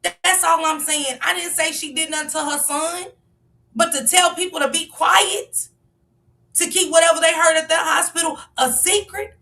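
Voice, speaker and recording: Fired-up woman streamer, high and bright. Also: fairly even intonation, normal speed, distant mic. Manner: passionate, emphatic, rhetorical questions, sometimes shouting. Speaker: livestream commentator. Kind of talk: heated live-stream commentary.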